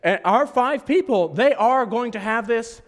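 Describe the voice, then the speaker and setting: A hoarse man preaching a sermon, telling a story in an animated, self-mocking way and laughing often. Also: very high-pitched, measured pace. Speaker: pastor. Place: church service hall. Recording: echoey hall reverb.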